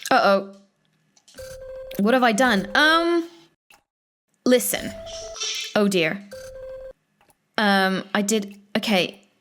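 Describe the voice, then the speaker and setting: Woman gamer, flustered, exclamatory, mid-pitched voice, faint music behind. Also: animated, drawn-out words, long pauses, a bit bright. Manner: flustered and exclamatory, many fillers. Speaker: let's play host. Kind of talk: video game commentary.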